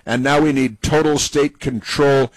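A man's voice: mid-range voice, fairly even intonation, measured pace, dry recording, low-quality recording. A man hosting a talk radio show, rambling and mocking in his opinionated commentary.

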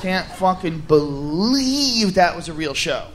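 Loud profane stand-up comic, high voice. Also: male voice, sing-song, takes it slowly. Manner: loud, profane, rowdy delivery. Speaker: stand-up comedian. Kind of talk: live stand-up routine. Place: comedy venue stage before a live audience. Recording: live show recording with crowd noise.

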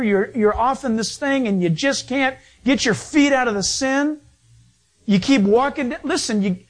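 High-pitched, animated male pastor preaching. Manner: animated, emphatic preaching with sudden shifts in pace. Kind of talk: sermon.

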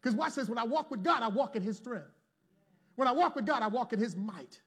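Male pastor, higher-pitched voice, dramatic volume swings and call-and-response with the congregation. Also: lively intonation, brisk, breathy edge. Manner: call-and-response preaching with sudden swings from loud to hushed. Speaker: preacher. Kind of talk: sermon. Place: church before a congregation.

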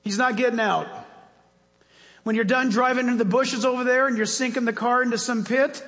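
A male pastor preaching a sermon in a church, in an energetic, folksy, conversational way that keeps appealing directly to his listeners. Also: very high-pitched, brisk. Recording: reverberant hall.

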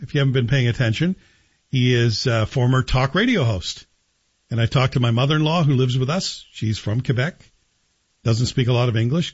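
A man hosting a talk radio show, delivering a sarcastic, joking monologue in a husky voice. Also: mid-range voice, dull audio.

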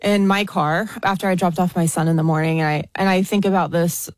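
An American woman from the States, a guest talking in a chatty, expressive way on a podcast. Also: on the low side, a little fast, no echo. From United States. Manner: chatty and expressive, laughs often. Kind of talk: casual podcast chat.

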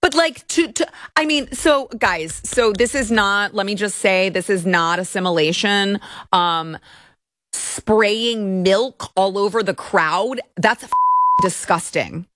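A woman's voice: medium pitch, measured pace, fairly bright tone, no room sound, clean studio sound. A woman from Texas hosting a commentary stream, ranting indignantly and stumbling over restarts as she talks. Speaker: political commentary host. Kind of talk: opinion livestream commentary.

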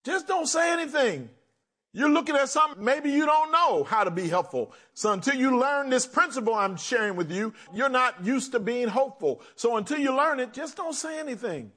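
Animated high-voiced male preacher. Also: normal speed. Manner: animated preaching, swings from loud to quiet. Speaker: pastor. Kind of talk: sermon.

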